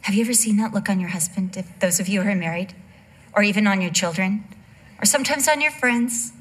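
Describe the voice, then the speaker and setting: A woman's voice: mid-range voice, a little fast, a bit bright. A middle-aged woman giving a conversational teaching message, candid and humorous, full of asides. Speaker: women's Bible teacher.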